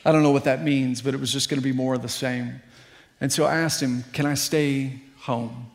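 A man's voice: mid-range voice, fairly even intonation, normal speed, creaky. A middle-aged man preaching a sermon as pastor, earnest and building to fervent appeals.

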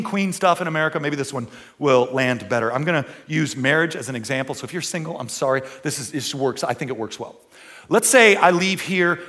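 A male pastor delivering a sermon in a church auditorium. His voice sits high and sounds bright and forceful. He moves from loud, emphatic declarations to quiet, wry asides. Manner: emphatic, swings between loud exclamation and hushed asides, joking.

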